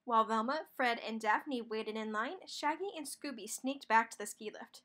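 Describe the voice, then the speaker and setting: A woman narrating a children's picture book read-aloud with expressive storytelling. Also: a little high, normal speed, few pauses.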